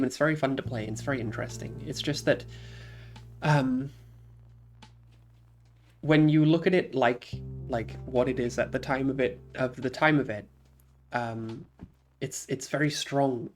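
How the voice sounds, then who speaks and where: A man streaming, chatting casually about games he played, rambling with many fillers and restarts and laughing often. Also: mid-range voice. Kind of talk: casual chat.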